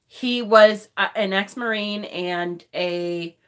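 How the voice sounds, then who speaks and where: A woman's voice: medium pitch, slow pace, a bit bright, clean tone. A woman in her forties chatting on a live stream, emotional and tearful, laughing and swearing often. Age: 40s. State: crying. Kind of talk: casual live-stream chat. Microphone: phone.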